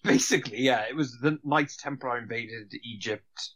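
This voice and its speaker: A man's voice: medium pitch, moderate pace, fairly bright tone. Rambling man with many fillers. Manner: hesitant, full of fillers and restarts, swears casually. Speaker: podcast co-host. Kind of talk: casual film-review chat.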